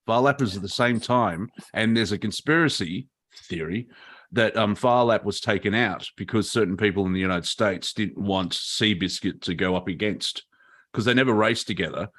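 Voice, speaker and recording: A lower-voiced man chats over a video call. He rambles, jokes and drifts between half-finished stories. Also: normal speed, fairly bright tone. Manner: rambling, joking storyteller. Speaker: comedian co-host. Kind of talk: casual chat on a video call.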